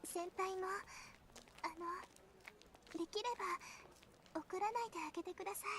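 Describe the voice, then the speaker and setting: An actress voicing a shy, gentle teenage schoolgirl in a visual novel, speaking softly and politely. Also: very high voice, fairly even intonation, fast, slight background noise. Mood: pleading.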